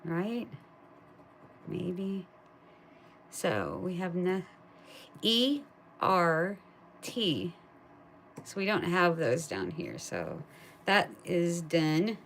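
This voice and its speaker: Slow, chatty woman thinking aloud. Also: fairly low pitch, creaky, slight background noise. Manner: gets excited and loud at wins; coos to her pet. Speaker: live streamer scratching lottery tickets. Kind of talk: casual live-stream chat.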